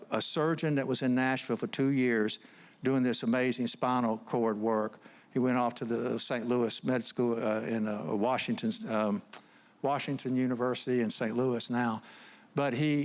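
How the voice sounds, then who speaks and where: A man's voice: mid-range voice, fairly even intonation, moderate pace. A middle-aged man, giving an earnest, conversational sermon full of personal stories, often restarting his words. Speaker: guest speaker, counselor. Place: church stage.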